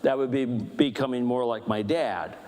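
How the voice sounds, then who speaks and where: A man leading a church book discussion, talking fast with animated, self-deprecating humor. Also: mid-range voice, long reverb tail. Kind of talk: church teaching talk. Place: church hall.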